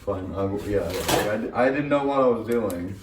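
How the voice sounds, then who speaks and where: A young man from Denmark, a native Danish speaker, co-hosting a home vlog in a soft-spoken, deadpan way. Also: on the low side, moderate pace, echoey room, background noise. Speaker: vlog co-host. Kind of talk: casual chat.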